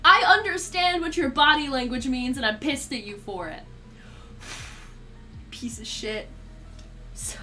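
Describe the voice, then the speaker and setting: A young woman chats casually on a live stream. Her voice is bright and sits a little high. She swears freely, laughs often and grumbles at her cat between stories. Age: young adult.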